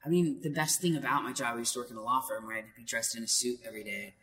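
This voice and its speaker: Talking very fast in a mid-range voice, the voice actor tells stories in a casual interview, full of energy and frequent laughs. An echoey hall, faint noise, and a far-off mic shape the sound.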